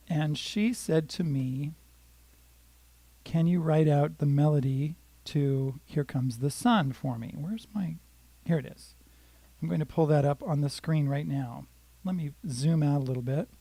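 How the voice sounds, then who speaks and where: A man's voice: fairly high pitch, dark tone, no room sound. An older man giving a casual, rambling guitar lesson on a live stream. He greets viewers by name and talks them through strumming patterns. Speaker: guitar teacher.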